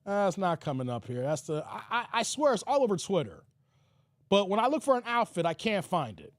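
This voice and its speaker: A man hosting a casual livestream, reading chat comments in an animated way, with stuttered repeats and frequent laughter. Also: high-pitched, a little fast, no room sound. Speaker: livestream host.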